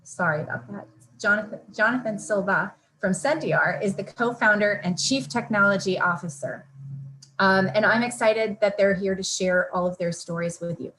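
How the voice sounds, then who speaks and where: A woman's voice: mid-range voice, normal speed, a bit bright, a little hiss or hum, rough recording. Woman with a Massachusetts accent moderating. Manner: friendly, loose, with filler words. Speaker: panel moderator. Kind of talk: introducing a panel over a video call. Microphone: video call.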